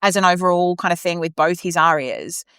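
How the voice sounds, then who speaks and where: An Australian woman and opera singer co-hosting a podcast, giving measured, thoughtful views with a dry sense of humor. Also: lowish voice, fairly bright tone, clear, resonant tone, no echo. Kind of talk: casual chat reviewing a singing competition.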